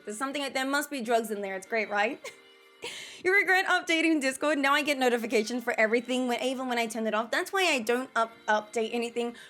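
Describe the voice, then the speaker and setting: A woman's voice: on the high side, a bit bright, rough recording. A young woman chatting casually with her live-stream chat from a home room, playful and talkative. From Australia. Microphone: desk mic, testing distances.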